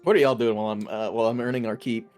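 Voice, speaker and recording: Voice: mid-range voice, steady tone, racing, darkish tone, soft background music. A player in a tabletop game who jokes in a dry way.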